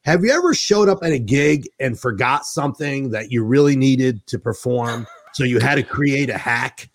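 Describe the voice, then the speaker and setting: A middle-aged man hosting a casual chat, telling stories in an animated way and laughing often. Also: mid-range voice, moderate pace. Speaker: host.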